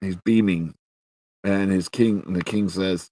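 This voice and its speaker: A man's voice: sits low, steady tone, slow pace, warm tone, dry recording. A man reviewing a show in casual, ranting commentary, exasperated and profane, with lots of filler words.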